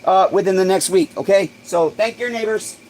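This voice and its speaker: Hyped up guy on his livestream, high voice, cussing a lot, faint background hum. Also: moderate pace, low-quality recording. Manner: excitable, swears freely, bursts into shouts. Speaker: livestream host. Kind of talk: casual livestream chat.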